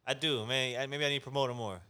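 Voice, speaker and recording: A man's voice: medium pitch, steady tone, fast talker, bright, forceful tone, clean tone. A man co-hosting a casual chat, laid-back, laughing often, with street slang. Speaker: podcast co-host.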